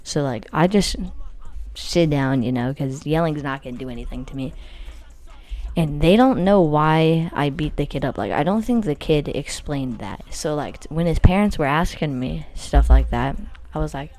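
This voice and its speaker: Low-voiced teen girl doing story time, rambly, says like a ton, kinda cocky. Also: moderate pace, darkish tone. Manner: rambling, filler-heavy with constant "like"; blunt, boastful. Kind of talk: casual storytelling.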